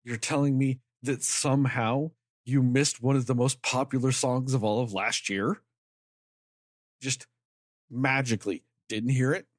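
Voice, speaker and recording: A man's voice: medium pitch, steady tone, a little slow, no room sound, clean studio sound. A man co-hosting a podcast, ranting in a heated, emphatic way and swearing freely. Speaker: podcast co-host. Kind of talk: casual podcast chat.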